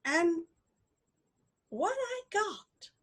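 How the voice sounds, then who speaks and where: A woman improvising a story live, telling it dramatically with long pauses. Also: very high voice, sing-song, a bit bright.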